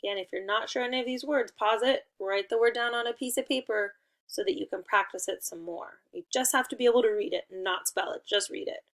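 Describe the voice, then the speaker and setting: A woman's voice: on the high side, fairly bright tone. A young adult woman teaching a phonics lesson to children, sounding out words and praising them. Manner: slow, encouraging, sounding out words.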